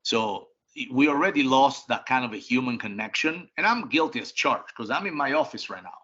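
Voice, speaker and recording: Speaking from his home office over dull lo-fi audio, the restaurant group CEO gives blunt interview answers, with emphatic restarts and some casual swearing. This middle-aged guest has a mid-range, animated voice with a sharp tone, and he talks fairly quickly.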